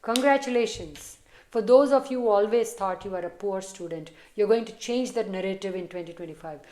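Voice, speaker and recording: A talkative woman gives a casual tarot reading straight to camera for her viewers, keeping it brisk, encouraging and easygoing, with her voice occasionally dropping to a soft murmur. Her pitch is middling. She's recorded on a phone camera in a room with a noticeable echo.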